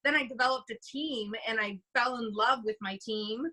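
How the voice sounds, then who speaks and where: High bright young woman on zoom, quick emphatic tips, lots of "like". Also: poor audio. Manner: fast, emphatic, lots of "like" and "you guys". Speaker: guest sales leader sharing tips. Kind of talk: animated motivational talk. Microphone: computer mic on a video call.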